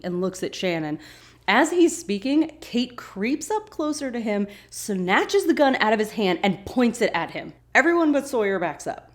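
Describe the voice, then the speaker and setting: A woman's voice: fairly high pitch, very animated, moderate pace. A woman hosting a podcast who chattily recaps a TV episode and acts out the characters' lines. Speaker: podcast host.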